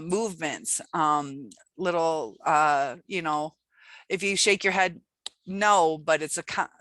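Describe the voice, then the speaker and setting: A woman's voice: lowish voice, a bit bright, dry recording. A woman hosting her own channel, giving casual advice in a rambling way, with many fillers and restarts. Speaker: channel host.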